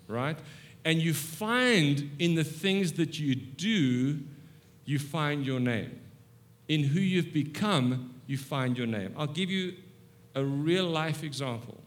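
A man in his fifties preaching a humorous sermon with stories, animated and self-mocking, moving between soft asides and excited bursts. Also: a little high, takes it slowly. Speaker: guest preacher. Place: church sanctuary.

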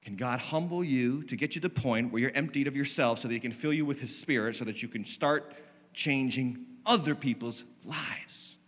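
Forceful preaching man in a hall. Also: medium pitch, normal speed. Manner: impassioned preaching, emphatic repetition. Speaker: lead pastor. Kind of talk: sermon. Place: church stage. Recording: long reverb of a large hall.

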